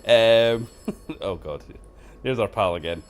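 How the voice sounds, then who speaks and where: A man's voice: on the low side, takes it slowly. Joking man streaming a game. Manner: joking, laughing often, self-deprecating. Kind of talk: casual gameplay commentary.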